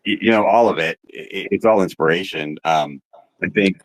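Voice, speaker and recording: A man's voice: low voice, moderate pace, no echo. A man talking casually about writing for animation, with many ums and restarts. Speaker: animation writer. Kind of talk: casual interview chat.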